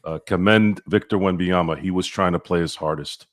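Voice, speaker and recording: A man's voice: low voice, steady tone, brisk. A man co-hosting a sports podcast, talking bluntly and opinionated, sometimes crude. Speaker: podcast co-host. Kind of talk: casual sports chat.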